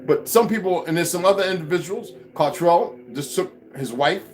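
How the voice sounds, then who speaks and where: A man delivering a heated, profane vlog rant full of mockery and swearing. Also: moderate pace. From United States. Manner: heated, swearing, mocking, lively swings in pitch. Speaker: vlogger. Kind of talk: profane ranting monologue.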